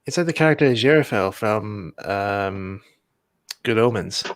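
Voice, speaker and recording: A young man with a fairly low voice chats casually as host of a livestream, rambling, laughing and correcting himself. The sound is dry and close. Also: expressive, moderate pace, no echo. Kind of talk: casual chat while building models.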